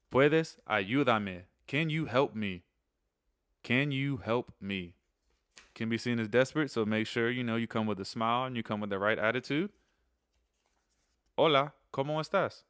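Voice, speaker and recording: A man hosting a casual spoken lesson, relaxed, repeating key phrases slowly between chatty asides. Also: on the low side, clear, resonant tone, no echo, studio quality. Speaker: channel host teaching phrases.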